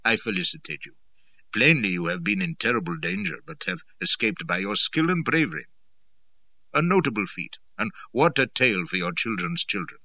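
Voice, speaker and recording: A man voicing a stout, genial chieftain who speaks mildly and politely, with quiet menace beneath. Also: low voice, lively intonation, moderate pace, no echo, far from the mic, full character voice. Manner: mild, smooth, polite, cheerfully ironic.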